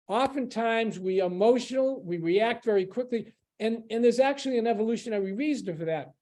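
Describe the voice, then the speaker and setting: A man giving a public lecture at a library as a guest speaker, explaining in a conversational way with pauses and restarts. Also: extremely high pitch, lively intonation, a little mellow.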